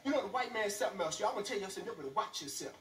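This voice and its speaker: A man's voice: high voice, expressive, rapid-fire. A man voicing his paranoid older brother, who rants and preaches as he paces. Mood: ranting. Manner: preachy, ranting. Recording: roomy club sound from far off.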